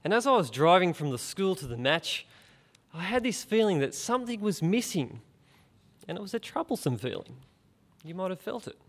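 Brief: middle-aged man, fairly high voice, chatty preacher who questions the listener. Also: very animated, moderate pace. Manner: conversational, asks the listener direct questions. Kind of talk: informal gospel talk.

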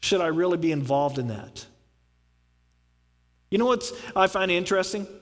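A man's voice: high voice, lively intonation, normal speed, in a large hall. A man preaching a sermon in a conversational, storytelling way, acting out the voices of people in his stories. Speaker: pastor.

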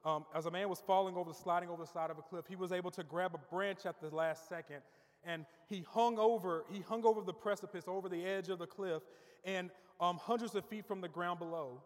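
High-voiced male preacher in a reverberant hall. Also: steady tone, brisk. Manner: preaching with rising emphasis, repeats words as he builds. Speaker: pastor. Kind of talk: sermon. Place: church sanctuary. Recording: long reverb of a church hall.

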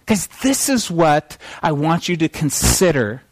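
A man preaching a sermon to his congregation, animated and questioning the room. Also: a little high, moderate pace, hardly any pauses, no echo. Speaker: pastor. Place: church service.

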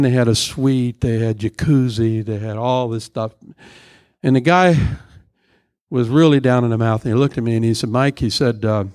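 A man's voice: medium pitch, darkish tone, dry recording, clean studio sound. Rambling middle-aged male preacher. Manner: rambling storyteller, halting with many fillers. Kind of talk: sermon with stories and prayer.

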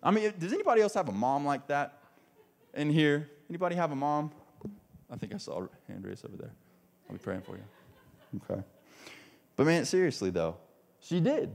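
A man preaching in a casual, animated, conversational way with touches of humor. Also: fairly high pitch, normal speed. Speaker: pastor. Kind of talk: sermon.

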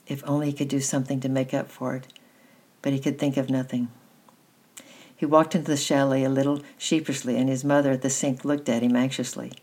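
A woman reading a children's novel aloud in a steady, gentle storytelling manner, with a husky voice. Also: a bass voice, brisk. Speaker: reader.

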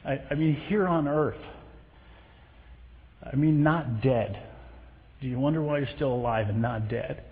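A man preaching a sermon, telling a story with lively acted quotes. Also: medium pitch, a little slow, long pauses. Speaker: pastor. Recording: echoey hall sound over a tinny thin line.

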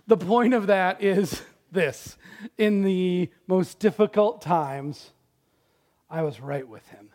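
A middle-aged man preaching a sermon, telling a personal story with dramatic swings from loud exclamations to hushed, near-whispered lines. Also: high-pitched, animated, very slow, pauses often. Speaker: pastor.

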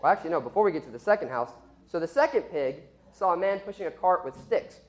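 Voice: mid-range voice, animated, fast. A speaker casually telling a story to a group as a sermon illustration, chatty and self-deprecating, often laughing.

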